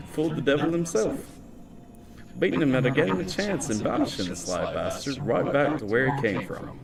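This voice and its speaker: A man's voice: medium pitch, vocal fry. A man voicing a hard-drinking Irish man near forty, telling a spooky tale in a boastful, rambling way with an Irish accent. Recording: roomy echo, distant mic, music behind.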